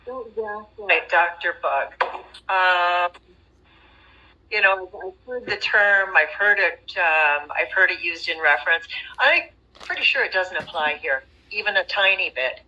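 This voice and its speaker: Earnest, measured woman on a livestream. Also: fairly low pitch, lo-fi sound. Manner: measured, earnest and gently admonishing. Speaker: livestream guest. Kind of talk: casual livestream chat.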